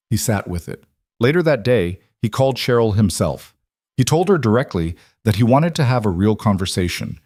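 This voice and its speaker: Low-voiced male story narrator. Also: big pitch swings, moderate pace, a little mellow, no room sound, clean studio sound.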